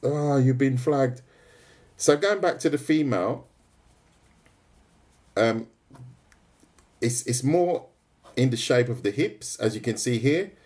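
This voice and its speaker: A man's voice: mid-range voice, expressive, takes it slowly, pauses often, a little mellow. A man leading a live drawing tutorial, chatting casually with his viewers and often checking in with "right?" and "mate". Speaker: art tutor streaming live.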